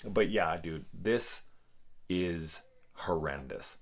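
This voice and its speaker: A man's voice: sits low, expressive, slow pace. A man reviewing a film in a casual, profane, exasperated rant. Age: adult parent. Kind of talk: casual spoken movie review.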